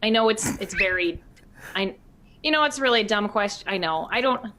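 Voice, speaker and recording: A woman's voice: medium pitch, lively intonation, brisk, bright, forceful tone. A woman playing a tabletop game, talking casually and a bit hesitantly. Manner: hesitant, self-deprecating. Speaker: player.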